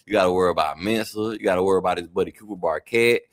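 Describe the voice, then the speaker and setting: A man talking college football as a guest, relaxed and running through lists of players. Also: deep voice, rapid-fire. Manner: relaxed, rattles off lists of players with growing excitement. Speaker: sports talk guest. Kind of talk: casual sports talk.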